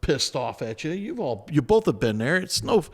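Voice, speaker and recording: A man hosting a podcast who rambles through his question to the guest. His voice sits a bit high, and his pitch rises and falls in a lively way. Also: normal speed. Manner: rambling, many fillers and restarts. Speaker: podcast host. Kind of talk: casual podcast chat.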